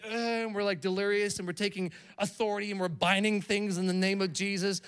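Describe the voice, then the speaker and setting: A man who is a pastor, preaching an animated sermon to a live congregation and calling on them to respond. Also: high-pitched, clean tone. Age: adult with young children. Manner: animated, calls the crowd to respond. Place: church hall with a live congregation.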